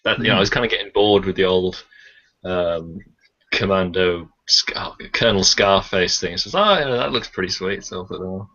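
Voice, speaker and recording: A man's voice: low voice, animated, fairly quick, bright, forceful tone. A man chatting casually on a video call, laid-back and laughing easily. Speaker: video chat participant. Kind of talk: casual chat. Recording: dull lo-fi call audio.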